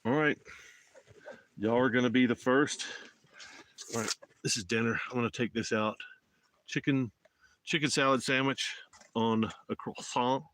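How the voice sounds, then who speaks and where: A man's voice: medium pitch, moderate pace, pauses often, fairly bright tone, a little hiss or hum. Rambling Southern man on a live stream. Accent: Southern US, Alabama. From Alabama. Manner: rambling, folksy, talks to viewers in chat. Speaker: motorcycle travel vlogger. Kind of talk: casual live-stream chat. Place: outdoors in the mountains. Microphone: phone.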